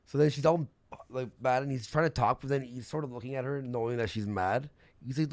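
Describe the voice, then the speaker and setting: Brief: young male streamer, gravelly, rambling storyteller, mid pitch. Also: fast talker, a little mellow, dry recording. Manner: rambling gossip storyteller, swearing, laughing. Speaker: streamer host. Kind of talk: casual livestream chat.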